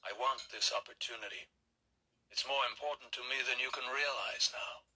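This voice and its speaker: A man puts on an ancient vampire for an audiobook, telling his story quietly and deliberately. The voice is husky and tight, often dropping to a whisper. It stays collected and unhurried throughout. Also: medium pitch, steady tone, rough recording. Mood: brooding. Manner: soft, slow, often whispered. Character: centuries-old male vampire, composed and brooding. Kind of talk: audiobook character reading.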